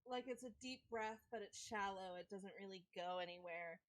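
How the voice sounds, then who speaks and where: A woman's voice: medium pitch, normal speed, low-quality recording. A woman player casually describing her character's actions, rambling with constant "like"s. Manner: rambling, packed with "like". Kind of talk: casual game narration.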